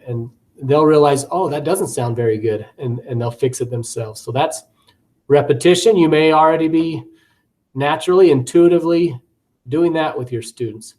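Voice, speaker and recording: A man's voice: on the high side, mellow. Chatty man giving course commentary. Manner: conversational, with frequent fillers, repeated words and acted classroom examples. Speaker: teacher educator.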